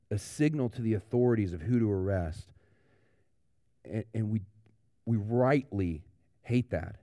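Conversational male pastor, warm dry voice. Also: fairly low pitch, no echo. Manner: conversational preaching with fillers and restarts. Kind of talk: sermon.

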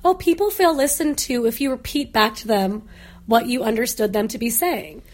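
A woman's voice: a little high, normal speed. A woman in her late thirties hosting a casual conversation, joking and laughing often as she talks. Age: 30s. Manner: joking, laughs often, playful put-on voices. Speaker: podcast host. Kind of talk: casual chat.

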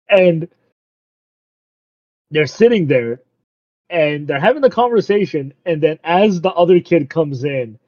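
A man's voice: on the high side, expressive, a little mellow, no room sound. Man, casual recap, laughs often, acts out quotes, dry close sound, lo-fi. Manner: laughs often, acts out the characters' lines in quick asides. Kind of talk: casual chat recapping an anime. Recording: dull lo-fi dry recording.

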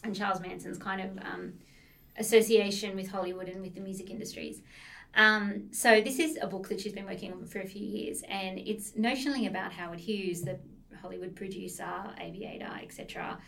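Gravelly-voiced woman chatting about books. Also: mid-range voice, a little fast, fairly bright tone, distant mic. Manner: enthusiastic, laughs often while telling stories. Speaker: podcast co-host discussing books. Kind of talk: casual chat.

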